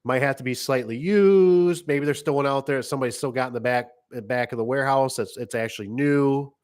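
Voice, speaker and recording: A man's voice: mid-range voice, brisk, darkish tone, clean tone. Middle-aged man, garage door business owner, casual rambling storytelling. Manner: rambling, acts out customer voices.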